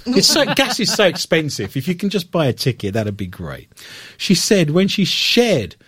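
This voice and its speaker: A man's voice: sits high, big pitch swings, moderate pace, a bit bright, slightly rough, no room sound, clean studio sound. A man hosting a podcast, reading odd news stories and breaking into playful, self-mocking banter. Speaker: podcast host. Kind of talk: joking casual chat.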